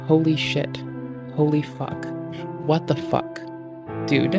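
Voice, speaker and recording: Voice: mid-range voice, level tone, slow pace, creaky, long pauses, over music. A streamer ranting with constant swearing in casual talk on a live stream. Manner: swears constantly, rants angrily.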